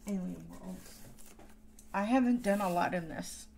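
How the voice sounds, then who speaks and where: A woman chats through a coloring stream with the hiccups, drifting between plain talk and soft half-whispers. Her voice has a gravelly, fry-laden edge and she talks slowly. A faint background hiss sits under her desk-mic recording. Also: fairly low pitch. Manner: unhurried, musing, often trails into soft half-whispers. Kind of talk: casual live-stream chat while coloring.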